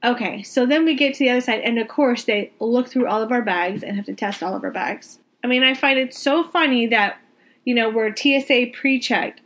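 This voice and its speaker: Exasperated woman ranting, a bit high. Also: fairly quick. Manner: exasperated, venting, swears freely; animated, emphatic repetition. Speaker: vlogger telling a travel story. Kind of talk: casual storytelling rant.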